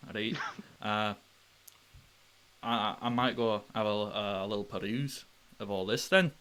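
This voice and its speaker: A man's voice: on the low side, measured pace, a bit bright. A man playing a tabletop game, talking hesitantly with stammers and restarts. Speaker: player.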